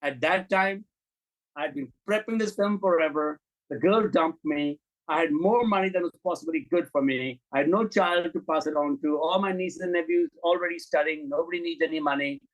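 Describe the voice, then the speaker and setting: Here a middle-aged director, speaking a little high at a moderate pace, sits for an interview and recounts candid stories in a blunt, profane way. He acts out the conversations with animation, over a rough recording.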